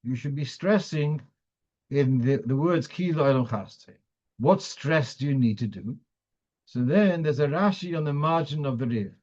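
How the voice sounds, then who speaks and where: A man's voice: mid-range voice, expressive, moderate pace, darkish tone, highs cut off. A man teaching a weekly halachic class as a rabbi, explaining step by step and thinking aloud with frequent restarts. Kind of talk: halachic lecture.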